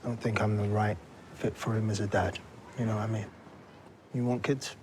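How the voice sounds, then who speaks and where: An actor playing a police detective who questions people in a plain, measured way in a TV drama. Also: male voice, lowish voice, level tone, darkish tone, slight background noise, natural voice. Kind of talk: TV drama acting.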